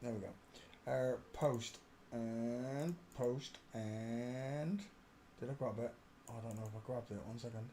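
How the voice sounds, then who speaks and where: A man's voice: mid-range voice, steady tone, slow, dark tone, a little hiss or hum. An older man hosting a rambling live stream from his home desk, chatting, greeting viewers and humming to himself as he clicks around. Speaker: livestream host.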